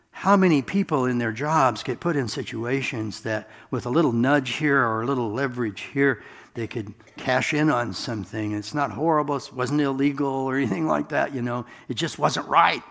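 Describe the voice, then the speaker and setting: A man preaching a sermon in a relaxed, conversational way, with self-deprecating asides, in a church sanctuary. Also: medium pitch, creaky. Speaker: pastor. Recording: long hall reverb.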